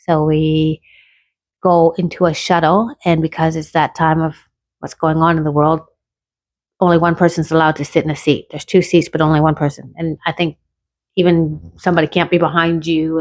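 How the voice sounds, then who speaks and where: A woman's voice: low voice, dry recording. Chatty woman telling a personal story. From Canada. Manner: chatty, rambling with restarts.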